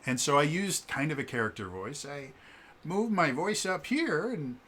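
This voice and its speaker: A man telling a casual story in a vlog, animated and acting out the quoted lines, with fillers and stammered restarts. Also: normal speed. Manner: animated, acts out quoted lines with shifts in pitch. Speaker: vlogger.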